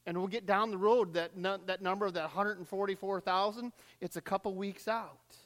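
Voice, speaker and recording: A man preaching a sermon as pastor, swinging between rising cries and hushed drops, recorded in a church sanctuary. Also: sits high, fairly even intonation, moderate pace, in a large hall.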